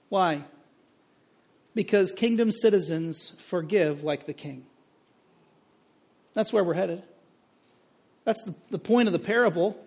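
A male pastor preaching a sermon on a parable, acting out the characters' lines with dramatic emphasis. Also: very high voice.

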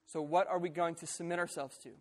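Earnest guy preaching, high voice, talks like a chat. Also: level tone, quick pace. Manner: earnest, conversational. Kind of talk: sermon.

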